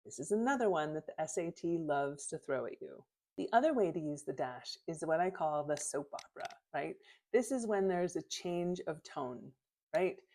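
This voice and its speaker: A woman teacher explaining punctuation in a clear, step-by-step way, reading example sentences aloud with their punctuation marks. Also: low-pitched, lively intonation, normal speed, darkish tone. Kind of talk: lesson on punctuation.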